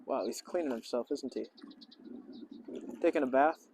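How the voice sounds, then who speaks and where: A man speaks at a moderate pace in a slightly mellow voice, and the poor audio has a bit of hiss or hum. He's a vlogger and English teacher casually narrating outdoors by a lake in a park, chatty and playful, often greeting the birds in a raised, high voice. Geese and ducks honk faintly behind him.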